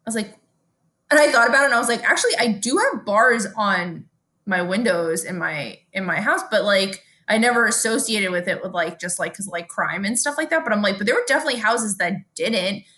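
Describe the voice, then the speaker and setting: A woman's voice: mid-range voice, lively intonation, brisk, bright, forceful tone. A woman, co-hosting a podcast in casual chat, telling stories animatedly and swearing freely. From Brooklyn, New York. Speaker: podcast co-host.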